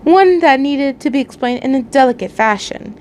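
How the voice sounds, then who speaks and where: A woman voicing a polite, cultured male cannibal psychiatrist in a fan story read aloud, speaking calmly and slowly. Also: sits high, a little hiss or hum, voice pushed up.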